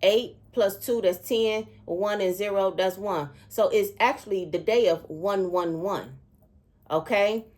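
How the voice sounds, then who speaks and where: A middle-aged woman, a spiritual seer, telling a dream in an emotional, repetitive way and often pausing to ask "okay?". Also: medium pitch, a little mellow. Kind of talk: spiritual storytelling monologue.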